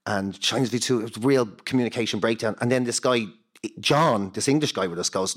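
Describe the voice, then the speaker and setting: A man's voice: mid-range voice, quick pace. A man with a Dublin accent, a comedian telling tour stories in casual chat, laughing often. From Ireland. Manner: animated anecdotes, laughs often, acts out voices in quotes. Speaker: stand-up comedian guest.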